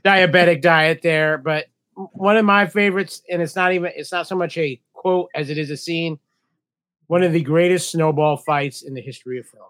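A man's voice: on the high side, steady tone, moderate pace, a bit bright, dry recording. A man guest on a podcast who makes dry, wry jokes in a casual way.

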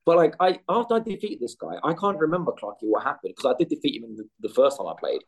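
A man co-hosting a gaming podcast, talking in animated casual chat with lots of swearing and restarts. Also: a little high, quick pace, husky. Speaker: podcast co-host.

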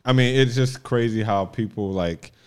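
A man's voice: on the low side, normal speed, clean tone. An American man, an actor, chatting casually and rambling with slang and repeated words. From United States. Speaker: actor, guest. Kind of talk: casual podcast chat.

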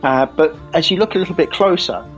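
A man playing a tabletop game, describing his character in a halting way with many pauses and fillers. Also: a little high, faint music behind, rough recording. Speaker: player.

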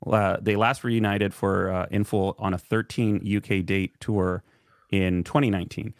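Young male co-host, laid-back and dry, lowish voice, dry close mic. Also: steady tone, moderate pace, dry recording. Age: young adult. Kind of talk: casual chat and news reading.

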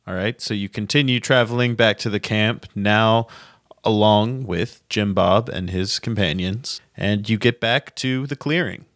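A man narrating a tabletop game as game master, with a low voice. He tells the scene in a steady storytelling way, recorded dry and close. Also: unhurried, no room sound.

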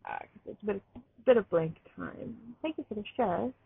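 A tired, allergy-stricken woman hosting a poetry podcast live, chatting in a rambling, excited way while sitting outdoors. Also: mid-range voice, normal speed, creaky, breathy edge. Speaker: podcast host reading poetry. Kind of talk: casual live-stream chat. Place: outdoors, train in the distance. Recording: tinny phone-like sound, faint outdoor noise.

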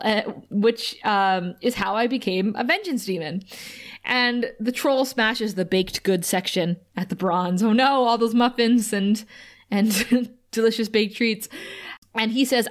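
A woman's voice: a little high, measured pace. A woman co-hosting a casual podcast, recapping a TV episode with frequent laughter and acted-out quotes. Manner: animated, laughs often, acts out quoted lines.

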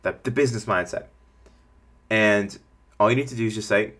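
A man hosting a podcast, giving casual business coaching in an energetic, rambling way and acting out what customers would say. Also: fairly low pitch, moderate pace. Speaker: podcast host.

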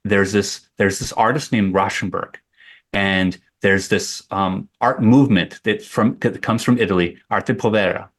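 Low-voiced man telling a rambling story. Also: steady tone, a little slow, a bit bright. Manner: rambling, with many restarts and fillers. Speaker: guest artist. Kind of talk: conversational storytelling.

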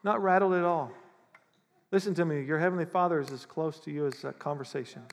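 Male pastor, animated conversational sermon, high voice, reverberant hall. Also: fast. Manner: animated, acts out prayers in mock voices.

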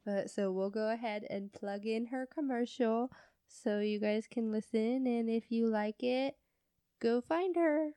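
A woman's voice: fairly high pitch, measured pace, warm tone, clear, resonant tone, no room sound. A young woman cohosting a casual podcast who swears freely and laughs often. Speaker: podcast co-host. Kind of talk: casual chat.

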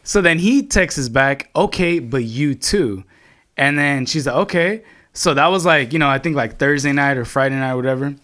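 A man's voice: mid-range voice, moderate pace, fairly bright tone. A young man telling a long story to his friends in casual chat, rambling and swearing, with lots of filler words.

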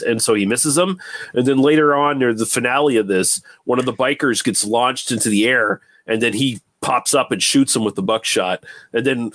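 A man's voice: medium pitch, a bit bright, no echo. A man chatting casually about a film, rambling with lots of fillers, laughing and swearing.

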